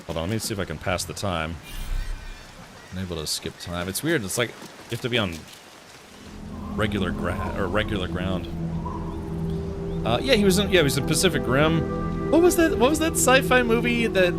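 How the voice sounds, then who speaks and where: A man streaming a video game live, chatting casually with his viewers, rambling, laughing often and restarting his sentences. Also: medium pitch. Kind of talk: casual live-stream chat while gaming.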